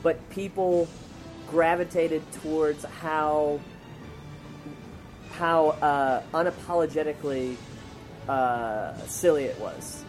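A man co-hosting a comedy podcast, talking casually in rambling, animated banter with lots of fillers. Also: on the high side, slow, pauses often, faint music behind. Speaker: podcast co-host.

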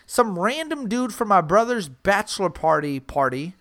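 A woman podcast host tells a story over casual chat. Her voice rises and falls in a lively way, and her talk is profane and full of repeats. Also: medium pitch, moderate pace. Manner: animated, profane, repeats herself.

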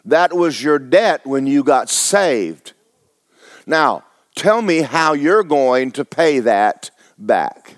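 A man's voice: a little high, sing-song, slow pace, no echo, studio quality. A man preaching a sermon as pastor, talking to his congregation with rhetorical questions. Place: church sanctuary.

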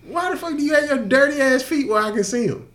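A man's voice: very high-pitched, lively intonation, fast, a bit bright. An older man telling a story in casual podcast chat, profane and laughing often. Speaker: podcast co-host.

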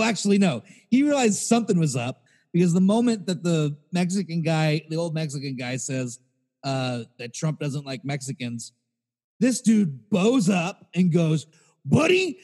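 A man's voice: fairly high pitch, mellow, long reverb tail. A man co-hosting a podcast, telling a rambling, profane story in casual chat. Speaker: podcast co-host.

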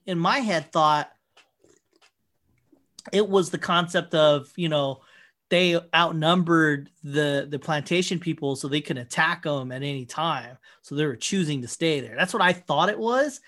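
A man's voice: a little high, a little slow, bright, forceful tone. Rambling, profane man telling stories. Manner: rambling storytelling, acts out quotes, swears freely. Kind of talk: casual chat.

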